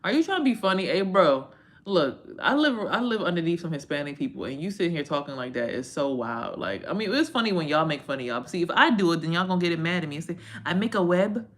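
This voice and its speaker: A woman's voice: deep voice, very animated, fast, a bit bright. A woman hosting a casual livestream as a tarot reader. She talks in a loose, rambling and profane way, full of slang and side remarks to viewers.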